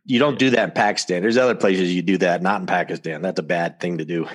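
Low-voiced man telling a story. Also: fast talker. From United States. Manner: animated, laughs often while telling anecdotes. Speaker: podcast guest. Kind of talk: casual storytelling.

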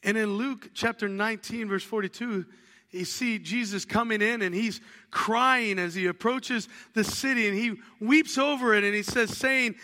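A man preaching a sermon as a pastor, telling lively stories and acting out little household conversations. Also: high-pitched, normal speed, long reverb tail. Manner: animated storytelling, acts out household dialogues.

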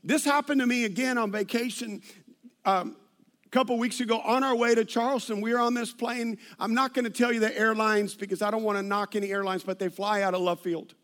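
A man's voice: high-pitched, steady tone, fairly quick, fairly bright tone. A middle-aged man, a pastor preaching a sermon full of personal stories, telling them animatedly with many restarts and asides.

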